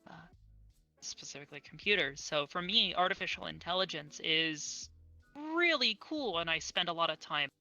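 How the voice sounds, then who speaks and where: A woman's voice: on the low side, expressive, moderate pace, sharp tone, soft background music. A young woman speaking as an interview guest in casual chat, earnest and enthusiastic, on an online voice call.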